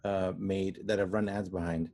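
A man working as a real estate agent, speaking earnestly and a bit haltingly in a casual chat. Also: sits low, flat delivery, darkish tone, no echo. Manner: earnest, hesitant, many fillers. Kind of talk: casual conversation.

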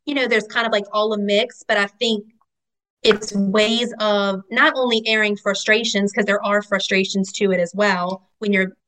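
A woman's voice: medium pitch, fairly even intonation, normal speed, a bit bright, a little hiss or hum, poor audio. Casual female guest: shop owner, rambling chatter with many fillers. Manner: chatty, rambling, lots of fillers like "you know". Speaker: guest, vendor market owner. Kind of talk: casual interview chat.

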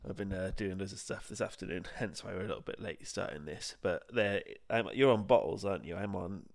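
A man's voice: low voice, brisk, gravelly, darkish tone. A man co-hosting a podcast, laughing and bantering over a can of beer in a casual chat. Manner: laughs often, banters, rambles. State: drinking beer. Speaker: podcast co-host.

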